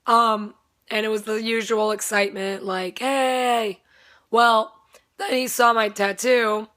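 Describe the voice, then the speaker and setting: A woman's voice: fairly high pitch, fairly even intonation, slow pace, pushed and bright. A young woman with a strained voice, casually telling a rambling story, swearing freely and laughing often. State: voice strained, not at full strength.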